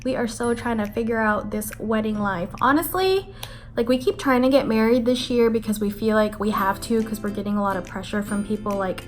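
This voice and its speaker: A young adult woman vlogging to camera, telling a story in a chatty, animated way with lots of "like" fillers. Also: fairly high pitch, fairly quick. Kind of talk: casual chat to camera. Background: faint background music.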